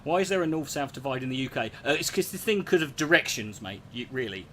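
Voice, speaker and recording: A man's voice: medium pitch, animated, fast, a bit bright, slight background noise. A man, ranting casually to his chat, sweary and sarcastic. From England. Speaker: streamer answering chat. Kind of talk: casual profane rant.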